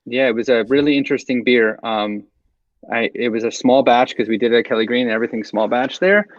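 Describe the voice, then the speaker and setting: A man with a New Jersey accent, a guest on a podcast, talking in a loose, halting way full of fillers. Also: medium pitch, dry recording, muffled recording. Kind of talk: casual chat.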